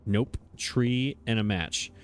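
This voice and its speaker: Speaking slowly in a mid-range voice, this let's play host talks casually into his desk microphone, musing out loud with hesitations and self-directed chuckles. There's slight background noise.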